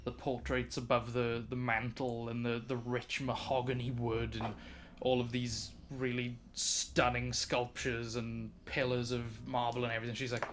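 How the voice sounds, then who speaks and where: A man's voice: mid-range voice, completely flat delivery, moderate pace, a bit bright, a little hiss or hum. A man narrating as game master, rambling with repeated restarts.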